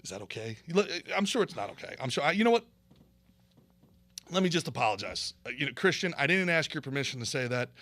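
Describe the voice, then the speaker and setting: A man hosting a political commentary stream, ranting in a sarcastic, animated way and reading viewer comments. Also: on the high side, fast talker, no room sound. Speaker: show host.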